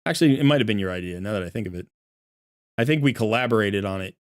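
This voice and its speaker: A man's voice: lowish voice, lively intonation, fast, no echo, clean studio sound. A middle-aged man hosting a casual live stream from his desk at home, rambling and laughing a lot as he pokes fun at himself. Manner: rambling, self-deprecating, laughs often. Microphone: desk microphone.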